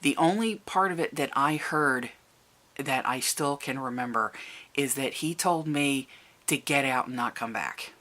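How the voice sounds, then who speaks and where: Speaking to the camera, a vlogger recounts a personal family story, halting and restarting and raising the voice to act out quoted people. The voice is mid-range with a sharp tone.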